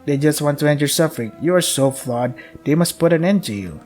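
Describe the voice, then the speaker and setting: A man's voice: a little high, expressive, brisk, a little mellow, faint music behind. A man streaming a visual novel, reading its text aloud steadily and breaking off for dry asides. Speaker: game streamer.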